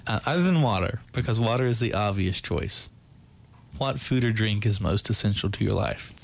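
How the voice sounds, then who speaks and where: Gravelly-voiced upbeat male podcast host. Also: lowish voice, animated, normal speed. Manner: upbeat, repeats words. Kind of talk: casual interview questions.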